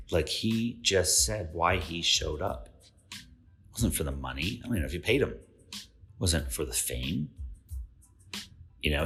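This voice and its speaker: A man with a very deep, slightly rough, somewhat bright voice hosts a podcast. He delivers a casual storytelling monologue, quoting dialogue and posing questions to the listener.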